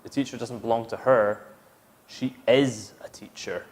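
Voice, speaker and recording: A man's voice: mid-range voice, fairly even intonation, unhurried. A man teaching an English grammar lesson, explaining step by step and repeating each example sentence. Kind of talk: slow, patient grammar lesson.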